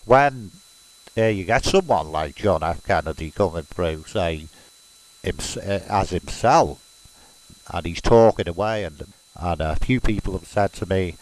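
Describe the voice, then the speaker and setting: A man from Liverpool speaks with a Scouse accent in a fairly low voice. He rambles through a casual monologue, stopping and restarting with plenty of fillers. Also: animated, unhurried, darkish tone, rough recording. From Liverpool, England. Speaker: self-described medium.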